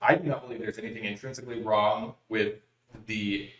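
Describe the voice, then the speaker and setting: A man's voice: fairly low pitch, steady tone, brisk, a bit bright. A man co-hosting a podcast, arguing his point in casual debate, cutting in often and restarting sentences. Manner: argumentative, interrupts, hesitant restarts. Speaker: podcast co-host. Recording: roomy echo.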